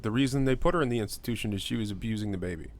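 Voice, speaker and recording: Young male podcast co-host, low voice, rambling casual banter, filler-heavy. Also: racing. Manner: loose and rambling, many fillers, breaks into high mocking voices. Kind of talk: casual true-crime podcast chat.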